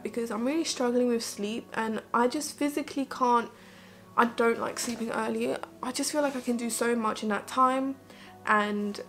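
A woman beauty vlogger talking her viewers through her makeup in a chatty, rambling way, filling her speech with "like". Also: on the high side. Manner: chatty, rambling, heavy use of "like". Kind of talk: casual get-ready-with-me chat.

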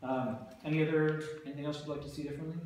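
A male drama teacher coaches students through a rehearsal and keeps asking for their ideas. His voice sits a bit high for a man. The room echoes heavily, with faint noise underneath. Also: flat delivery, racing, darkish tone. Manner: encouraging, asks many questions. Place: school rehearsal space.

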